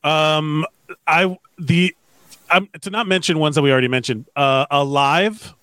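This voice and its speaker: A man casually recalling movies, playful and quick to laugh. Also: a little high, fairly even intonation, a bit bright, clean tone, dry recording. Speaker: podcast co-host.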